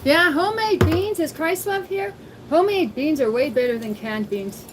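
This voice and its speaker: A woman's voice: high-pitched, lively intonation, moderate pace, background noise. A woman hosting a casual cooking livestream from her home kitchen, chatty and thinking aloud as she talks to viewers. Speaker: livestream host.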